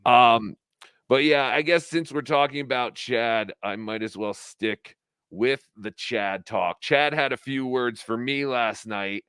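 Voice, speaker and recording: A man's voice: mid-range voice, fairly even intonation, takes it slowly, a bit bright, smooth, dry recording. A man hosting a casual podcast, crude and mocking, trading jabs with a co-host. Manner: crude, mocking, does voices of others. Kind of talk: casual call-in show banter.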